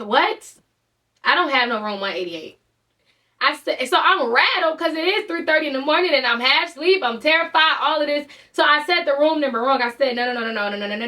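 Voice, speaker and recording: Young woman; exasperated, animated storyteller; high, bright voice. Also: recorded from a distance. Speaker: vlogger. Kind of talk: casual storytime.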